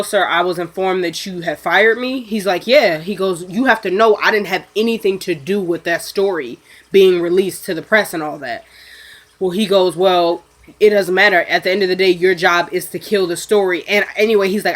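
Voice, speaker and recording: Speaking in a mid-range voice, a woman who sounds sniffly chats casually while summarizing a TV episode, briefly voicing the characters as she goes.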